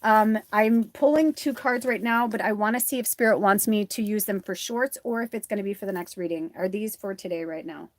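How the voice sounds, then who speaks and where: A woman's voice: medium pitch, brisk, hardly any pauses, no room sound. Woman doing a live tarot reading, rambly and chatty, lots of likes and ums, super dry sound. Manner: rambling, chatty, many fillers; earnest and encouraging to viewers. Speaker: tarot reader and spiritual medium. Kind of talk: live card reading, casual chat.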